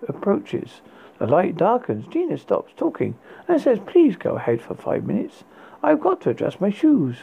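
Man, gravelly, husky, halting horror story reading, tinny phone-like sound. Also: sits high. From United Kingdom. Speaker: horror podcast host. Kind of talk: read horror story narration.

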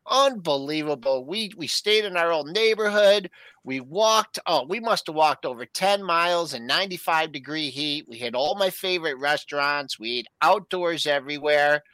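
Middle aged guy telling a story all excited, bright voice, swings up and down. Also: a little high, no echo. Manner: enthusiastic, animated storyteller. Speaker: co-host. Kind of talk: casual storytelling chat.

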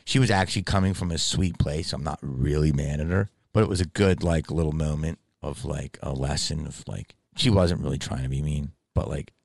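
A man's voice: very deep voice, steady tone, brisk, vocal fry, few pauses, dry recording. A middle-aged man hosting a podcast, telling a rambling, profane story in a casual monologue. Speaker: podcast host.

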